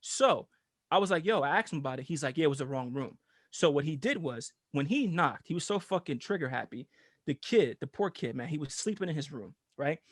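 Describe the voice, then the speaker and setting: High-voiced man telling animated stories. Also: dry recording, studio quality. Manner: animated, profane, laughing storyteller. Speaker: podcast co-host. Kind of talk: casual storytelling chat.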